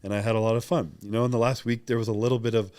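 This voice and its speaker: A man's voice: mid-range voice, level tone, rapid-fire, darkish tone, no echo. A young man talking openly and reflectively as a podcast guest, rambling with many fillers in casual interview chat.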